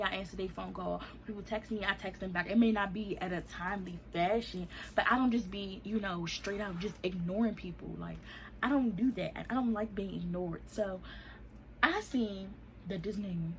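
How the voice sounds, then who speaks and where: A woman's voice: mid-range voice, a little fast, a little hiss or hum. A young woman, casually telling a storytime vlog and acting out the people in it with raised voices. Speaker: vlogger.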